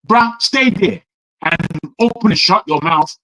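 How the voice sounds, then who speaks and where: A man's voice: sits high, measured pace, sharp tone, no echo, low-quality recording. A man from Nigeria, hectoring a panel with heated rhetorical questions. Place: living in the West.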